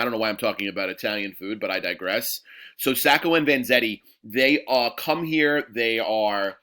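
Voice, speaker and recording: A man's voice: fairly low pitch, bright, forceful tone. A male history teacher giving a casual, digressive recorded lesson to his class.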